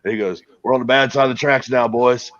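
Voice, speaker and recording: A man's voice: medium pitch, steady tone, fast, a bit bright, no echo. Crude, rambling male storyteller. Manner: rambling, crude, laughing at his own story. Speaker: podcast host telling a story. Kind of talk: casual storytelling. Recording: dull lo-fi sound, dry.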